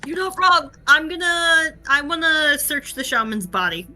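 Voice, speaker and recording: A woman's voice: sits high, big pitch swings, measured pace, pushed and bright, faint music behind. A woman chatting casually as a player at a tabletop game.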